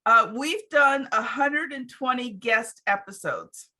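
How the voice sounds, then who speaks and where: A woman's voice: fairly high pitch, expressive, takes it slowly, pushed and bright. A woman hosting a podcast, chatting casually and reflectively with plenty of fillers. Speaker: podcast host. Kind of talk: casual chat.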